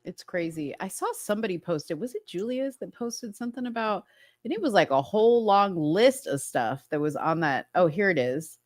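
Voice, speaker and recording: A woman's voice: lowish voice, expressive, normal speed, darkish tone, no room sound. A woman co-hosting a casual talk show, chatty and rambling, agreeing along with her partner. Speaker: podcast co-host. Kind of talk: casual chat.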